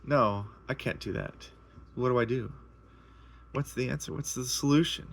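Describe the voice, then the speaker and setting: A man's voice: medium pitch, moderate pace, gravelly. A man casually sharing a personal testimony, earnest and emotional, rambling and repeating himself as he tells it.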